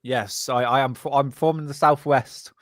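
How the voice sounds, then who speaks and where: A man's voice: mid-range voice, steady tone, a little slow, no room sound. A man from Bristol with a Bristolian accent, hosting a casual podcast chat, rambling and laughing often. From Bristol, England. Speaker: podcast host.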